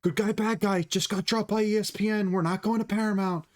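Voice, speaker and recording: A man's voice: high voice, steady tone, a little fast, pitched above the performer's own voice, natural voice. A man doing an impression of a smug male fight pundit, using punchy, teasing catchphrases. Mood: mocking.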